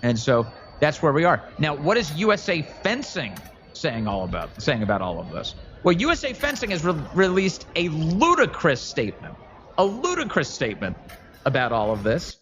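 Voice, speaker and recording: A man's voice: medium pitch, huge pitch swings, brisk, hardly any pauses, fairly bright tone, lo-fi sound, a little hiss or hum. A man hosting a political commentary show, talking in a sarcastic, mocking, emphatic way. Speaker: host.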